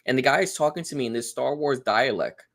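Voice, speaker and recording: A man's voice: mid-range voice, lively intonation, fast talker, creaky, a bit bright. A man from New York guesting on a podcast, talking casually and laughing easily. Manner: laid-back, laughs easily. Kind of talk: casual chat.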